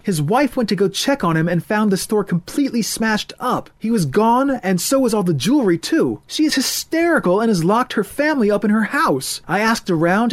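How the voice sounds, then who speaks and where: A man's voice: high-pitched, voice pushed up. A man voicing a panicked, hysterical young man who talks in a frantic, urgent, raised voice, in an audiobook.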